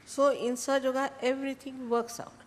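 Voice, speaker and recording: A woman's voice: high voice, quick pace, some chatter behind, slight background noise. An older woman with an Indian accent, a spiritual teacher telling a story to followers and acting out each person's lines. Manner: animated retelling, quoting others in dialogue. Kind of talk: storytelling talk. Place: ashram hall.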